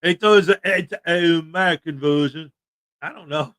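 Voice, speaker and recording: A man hosting a casual livestream chat, joking and animated with sudden loud bursts. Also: on the high side, moderate pace. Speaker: livestream host.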